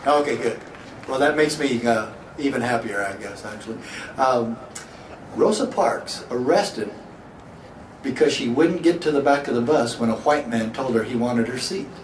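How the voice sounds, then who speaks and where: In a mid-range voice at a moderate pace, a middle-aged sheriff delivers a public speech built around a story and rhetorical questions to the crowd. The audio sounds distant, echoing through a hall, with faint hiss.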